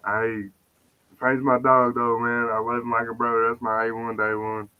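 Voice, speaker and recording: A man's voice: medium pitch, level tone, normal speed, narrow, tinny audio, very noisy. A man talking in casual, profane, joking banter as a guest on a live podcast stream.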